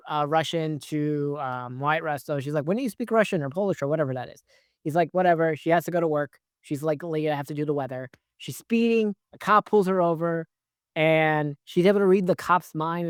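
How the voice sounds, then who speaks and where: Casual film reviewer, mid-pitched, dry close sound, rambling and profane with constant filler asides. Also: clean tone, dry recording. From based in New York. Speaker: movie reviewer.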